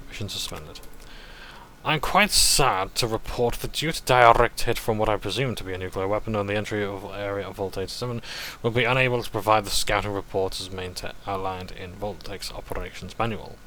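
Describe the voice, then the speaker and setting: A man's voice: on the low side, pushed and bright, a little hiss or hum. A man hosting a casual playthrough, reading in-game texts aloud and often tripping over words and then correcting himself. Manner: stumbles and corrects himself mid-word. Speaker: let's play host.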